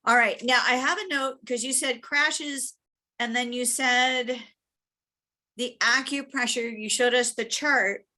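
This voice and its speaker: Woman giving speech feedback on a video call, bright voice, chatty and encouraging. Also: on the high side, unhurried. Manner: encouraging, chatty, lively quoting asides. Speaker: speech evaluator.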